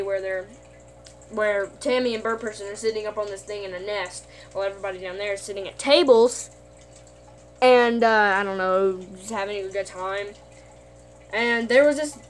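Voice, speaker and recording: A woman's voice: medium pitch, slight background noise. A woman casually recapping an episode in a rambling way, with lots of fillers and restarts.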